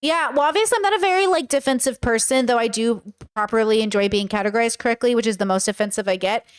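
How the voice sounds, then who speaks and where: A woman's voice: a little high, quick pace, clean tone. A woman with a Californian accent giving chatty, self-reflective reaction commentary. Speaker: host reacting to a clip.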